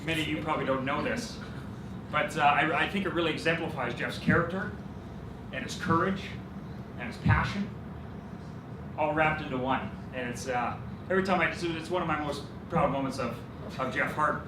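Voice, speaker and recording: A man's voice: on the high side, normal speed, long pauses. A man, giving a best man's wedding speech and telling jokey stories that he laughs through, turning earnest when he praises his friend. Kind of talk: wedding toast storytelling. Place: reception hall with guests. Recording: roomy, distant, loud room noise.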